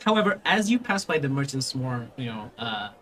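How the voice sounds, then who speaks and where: A man's voice: mid-range voice, very animated, normal speed, fairly bright tone, some chatter behind, slight background noise, poor audio. A man narrating a tabletop game as game master, playful and chatty, with many restarts.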